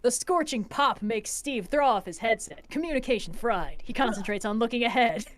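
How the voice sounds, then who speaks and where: A woman with a slightly high voice reads stage directions aloud on a stream. She moves briskly through the action lines and breaks off now and then for wry, snarky asides. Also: lively intonation. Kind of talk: casual screenplay read-aloud.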